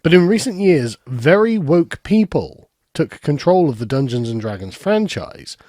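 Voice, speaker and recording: A man reading a scripted video essay in a measured, formal way. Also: fairly high pitch, big pitch swings, mellow, dry recording, clean studio sound. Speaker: narrator of a played video essay.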